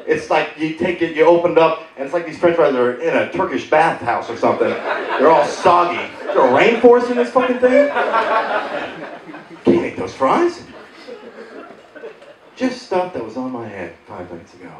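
A man in his thirties performs stand-up, telling stories with a sarcastic edge and slipping into short impressions of the people in them. His voice sits a touch high and swings widely in pitch. It is heard from a distance in a roomy theater, with loud audience laughter. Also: sing-song, a little fast. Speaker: stand-up comedian. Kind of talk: stand-up comedy set. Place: theater stage before a live audience.

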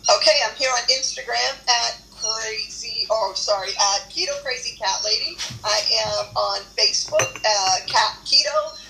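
A woman's voice: a little high, unhurried, vocal fry, bright, forceful tone. A woman speaking as a guest on a casual livestream chat, upbeat and earnest, laughing readily. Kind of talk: casual live-stream chat. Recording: echoey room with background noise.

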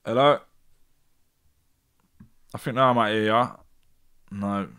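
A man's voice: on the low side, steady tone, normal speed, sharp tone, clean tone. A man hosting a live stream, chatting casually and getting frustrated with tech glitches. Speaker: host.

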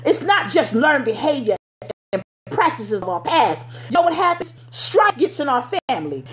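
High-voiced fervent woman preaching. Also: slight background noise. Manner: fervent, exhorting, lapses into vernacular speech. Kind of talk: sermon.

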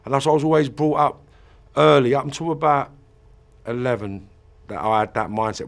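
A man's voice: medium pitch, a little fast, long pauses. A man with a British accent, recounting a hard childhood in an emotional interview. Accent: British English. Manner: emotional, gravelly storytelling.

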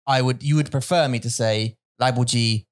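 A man's voice: mid-range voice, steady tone, moderate pace. A man co-hosting a language podcast, chatting casually as a learner, often hesitating and repeating words while he works through a question. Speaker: podcast co-host and Mandarin learner. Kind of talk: casual chat.

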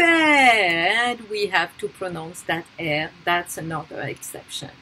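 Slow, patient woman teaching pronunciation. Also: on the low side, lively intonation, sharp tone, slight background noise, low-quality recording. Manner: patient, repeats each example word slowly. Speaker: French teacher. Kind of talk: pronunciation tutorial.

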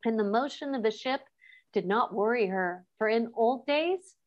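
A woman teacher reading a children's novel aloud to her class, unhurried, with chatty asides and quick self-corrections. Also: a little high, expressive, dull audio. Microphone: class recording.

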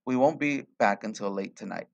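A man reading the lines of an eager, excited mother who is a scientist. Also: on the low side, moderate pace, gravelly, muffled recording.

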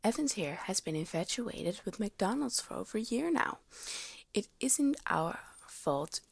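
A woman's voice: mid-range voice, big pitch swings, a little slow, creaky, breathy edge, no echo, heavily acted. A woman reading a fan story aloud, voicing a smug, teasing teenage boy wizard.

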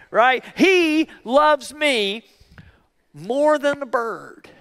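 A male pastor preaching a sermon in an emphatic way, repeating key phrases slowly for weight. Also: extremely high pitch, expressive, fairly bright tone, big-room sound. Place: church.

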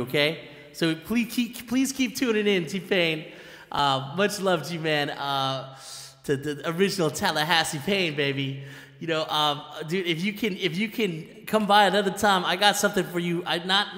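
A man hosting a live music stream from home, chatting with viewers in an animated, laughing way. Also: a little high, roomy sound, in a large hall. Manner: animated, laughing, repeats himself. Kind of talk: excited casual live-stream chat.

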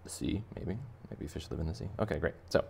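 A man's voice: extremely low pitch, a little fast, vocal fry, a little mellow, a little hiss or hum. A man teaching a drawing lesson for kids in a playful, jokey, conversational way. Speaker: art teacher.

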